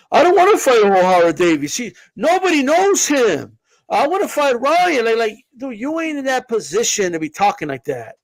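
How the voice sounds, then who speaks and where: High-voiced fired-up man ranting. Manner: fired up, profane, many restarts. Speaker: podcast co-host. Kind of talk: heated casual boxing talk.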